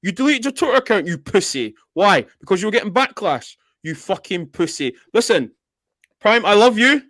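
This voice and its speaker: A man with a notably high voice rants furiously, swearing and hammering his points. The recording is dry and close. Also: sing-song, normal speed, a bit bright, no room sound. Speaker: panel guest. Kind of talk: angry livestream rant.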